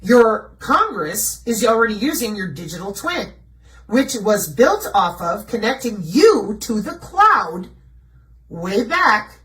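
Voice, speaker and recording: Speaking slowly but very animatedly, a woman with a medium, slightly bright voice presents slides in a video. Her conspiracy commentary is blunt and mocking, built on rhetorical questions she answers herself, and the distant recording is poor.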